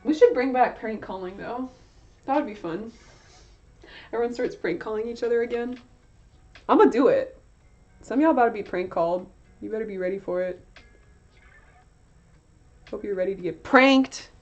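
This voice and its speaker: A woman's voice: a little high, lively intonation, moderate pace, pauses often. A young woman streaming, chatting casually with her viewers, rambling and giggling, swearing now and then. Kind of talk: casual chat while working. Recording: slightly dull lo-fi stream audio with faint music. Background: faint music.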